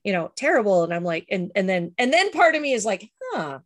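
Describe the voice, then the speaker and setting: A woman's voice: mid-range voice, very animated, fast talker. A middle-aged woman talking casually, hesitant, with many restarts and fillers. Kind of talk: casual chat.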